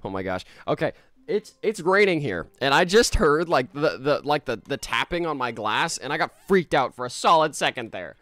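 A chatty male streamer playing a game live, laughing often and reading out chat messages. His voice bounces around lively in pitch, and the sound is dry and close. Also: normal speed, dry recording. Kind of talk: casual live-stream chat while gaming.

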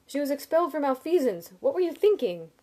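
A woman voicing an excitable young man who turns loud and shrill when alarmed. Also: quick pace, close to an everyday voice.

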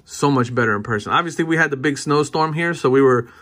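Quick-paced and medium-pitched, a man in his thirties gives excited, casual commentary as he opens trading card packs. He frequently repeats himself and breaks into cheers.

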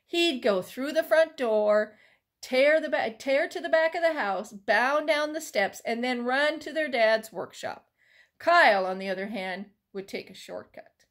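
A woman librarian reading a children's chapter book aloud with expressive storytelling. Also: high voice, unhurried.

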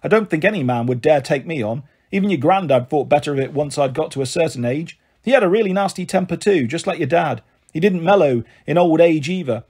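A bustling, big-hearted auntie who runs a pub, as a man reading aloud puts her on. She talks frankly and jollily in a lifted, slightly husky voice. A storybook reading. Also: a little high, lively intonation, a little fast. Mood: hearty. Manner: warm, jolly, frank.

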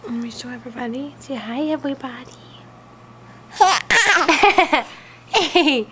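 A young woman with a high voice talks slowly to her baby in a home video. Her speech is sing-song, coaxing baby talk, full of repeated little phrases. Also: animated, pushed and bright, a little hiss or hum. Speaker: mother.

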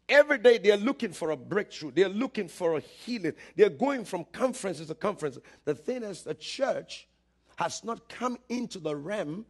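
A man preaching a sermon with great passion, telling a story, calling out to the congregation and rising to shouts. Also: high-pitched, husky. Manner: impassioned, building to shouts, calls for audience response. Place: church service, streamed live.

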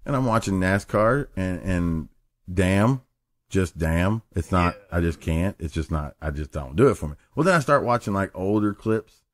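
A man's voice: deep voice, animated, moderate pace. Man, podcast host, loose and profane storyteller. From Appalachia. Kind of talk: casual chat.

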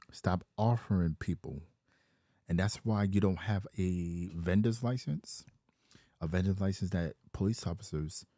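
A man's voice: deep voice, dark tone, dry recording, studio quality. A man vlogging, complaining in a rambling, repetitive way. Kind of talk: casual rant.

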